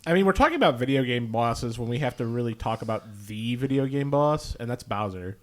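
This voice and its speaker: A man's voice: mid-range voice, a little fast. A young man co-hosting a casual podcast, sleepy, acting out game stories with sound effects. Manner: animated, acts out anecdotes with sound effects. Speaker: podcast co-host.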